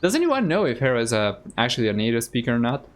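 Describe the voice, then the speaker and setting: This Argentine man talks fast at a medium pitch, his intonation swooping wildly. A native Spanish speaker, he streams and casts a strategy game with easygoing commentary, thinking aloud and chatting with his viewers.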